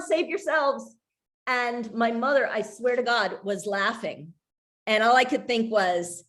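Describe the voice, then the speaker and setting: Middle-aged woman at a book reading, candid storyteller, halting with fillers, quick to laugh. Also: medium pitch. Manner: candid, hesitant with many fillers and restarts, laughing. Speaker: author discussing her memoir. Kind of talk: casual talk at a reading.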